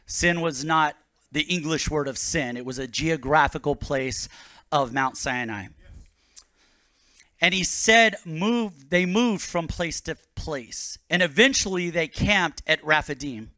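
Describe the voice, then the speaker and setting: A man's voice: on the high side, measured pace, bright, forceful tone, dry recording. A man, a pastor, preaching a sermon to his congregation with rising bursts of energy.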